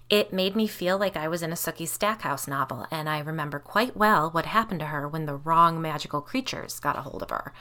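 A woman's voice: low-pitched, brisk, hardly any pauses, bright, forceful tone. A woman giving wry, conversational first-person audiobook narration.

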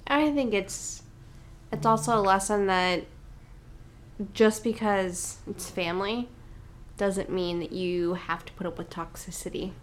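A woman's voice: mid-range voice, measured pace, slight background noise. A woman co-hosting a casual podcast, talking frankly, swearing easily and laughing often. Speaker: podcast co-host.

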